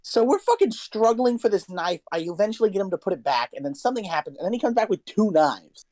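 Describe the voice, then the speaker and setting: A man's voice: sits high, sing-song, quick pace, darkish tone, no room sound. A young man co-hosting a podcast, telling a story in casual chat, swearing a lot and talking with animation. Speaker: podcast co-host.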